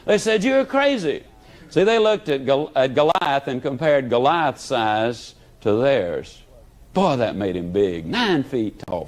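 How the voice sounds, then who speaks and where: A man's voice: mid-range voice, rough recording. A man giving a motivational talk, telling folksy stories. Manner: folksy, animated storyteller. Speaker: motivational speaker. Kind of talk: motivational speech with storytelling. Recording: archival talk.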